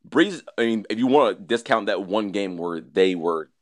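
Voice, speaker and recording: Lively low-voiced man hosting sports chat. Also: moderate pace. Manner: animated, quizzing friends, jokes and impressions. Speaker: podcast host.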